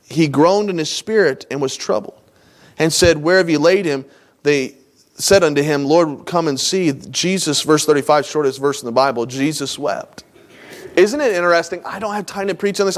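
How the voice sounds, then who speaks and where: Man, pastor, sermon, high voice, folksy, swings from loud to soft. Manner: folksy, conversational, swinging from loud emphasis to soft low asides.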